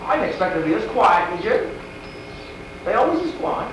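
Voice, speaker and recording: Speaking a little fast with frequent pauses, this man's high voice swings widely in pitch as he plays a medieval character in costume for a school event crowd. He rambles in folksy, rustic old-timey grammar, addressing his audience and quizzing them, captured by a distant, echoey camcorder with faint noise.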